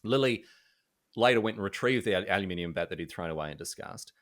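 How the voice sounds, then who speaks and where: A young Australian man, a journalist, telling jokey anecdotes in a casual, animated way. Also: sits low, quick pace. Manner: animated, jokey, laughs often. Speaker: journalist guest.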